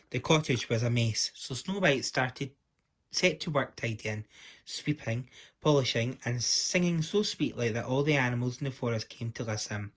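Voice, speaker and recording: A man's voice: medium pitch, expressive, moderate pace. Man reading a children's story.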